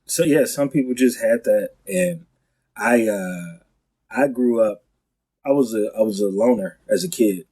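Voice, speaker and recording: Man, comedian guest, husky low voice, chatty podcast talk, acts out quotes. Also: low-quality recording. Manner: animated storyteller, quick restarts, acts out quotes. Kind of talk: casual podcast conversation.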